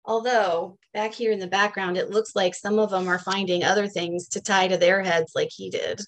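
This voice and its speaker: A woman museum educator, reading a picture book aloud to children in a playful, gentle way. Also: medium pitch, little pitch movement, moderate pace. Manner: playful, gentle, talks to kids.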